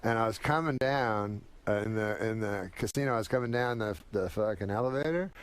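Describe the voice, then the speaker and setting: Profane, deadpan male comedian. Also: on the low side, brisk, clear, resonant tone. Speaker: comedian guest. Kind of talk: casual anecdote telling.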